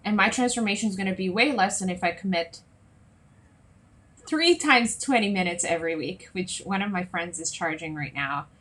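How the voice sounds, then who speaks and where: A woman's voice: mid-range voice, normal speed. Chatty woman coach talking live. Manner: chatty, often checks in with "right?" and "okay?"; lively, acts out little scenes in other voices. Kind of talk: solo Facebook Live talk to viewers.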